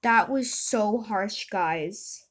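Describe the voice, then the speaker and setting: Slow, chatty woman hosting a reaction. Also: mid-range voice. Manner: chatty, slow-paced, addressing viewers. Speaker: host of a reaction video. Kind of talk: casual chat.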